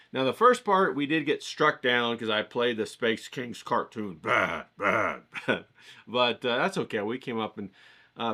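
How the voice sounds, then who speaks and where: A man's voice: medium pitch, pushed and bright. A man hosting his channel, chatting casually and energetically to viewers, rambling and firing off repeated questions to get them hyped. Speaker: host of an art challenge channel.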